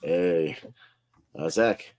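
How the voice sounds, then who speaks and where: A man's voice: low-pitched, extremely slow, a little mellow. A man hosting a casual online group chat, upbeat and laughing often as he runs the votes. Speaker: host.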